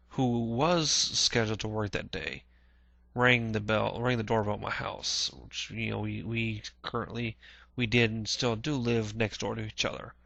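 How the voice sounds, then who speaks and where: A man vlogging a casual personal recollection, halting with many restarts, clearing his throat often and swearing casually. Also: on the low side, fairly bright tone, no room sound. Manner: plain-spoken, swears casually.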